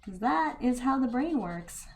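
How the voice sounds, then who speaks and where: Woman painter, hushed self-narration, gravelly fry, casual and chatty. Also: high voice, lively intonation, unhurried. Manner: soft-spoken, quiet and hushed; chatty, self-talking, gently self-correcting.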